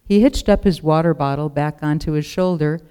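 Smooth-voiced storybook narrator. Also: mid-range voice, brisk, mellow. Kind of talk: storybook reading.

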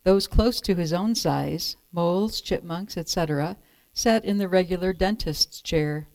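Lady storyteller reading a kids book, lowish calm voice, dry close sound. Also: a little slow, dry recording. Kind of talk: reading a children's picture book aloud.

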